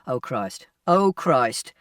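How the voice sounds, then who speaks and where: A furious middle-aged commuter barks curses in an audiobook, as a male reader puts him on. His voice jumps sharply up and down in pitch. It is recorded dry and a little away from the mic. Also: big pitch swings, slow pace, dry recording, recorded from a distance. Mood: exasperated cursing. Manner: shouting, cursing, exasperated. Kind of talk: audiobook character voice.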